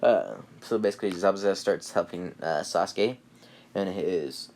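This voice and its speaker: A man's voice: low voice, normal speed, a little mellow. A man casually retelling an anime fan story, rambling with fillers and laughing at his own jokes.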